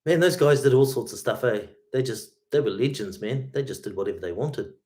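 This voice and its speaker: A man's voice: mid-range voice, lively intonation, a little fast, a little mellow. A man hosting a guitar livestream, chatting casually with viewers in a laid-back way, peppering his talk with "man" and "mate". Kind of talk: casual livestream chat reading viewer comments.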